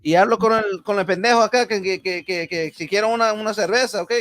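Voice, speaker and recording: A man putting on a rowdy high-pitched Spanish-speaking guy. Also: no room sound. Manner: loud, high and fast, swearing. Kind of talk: comic impression.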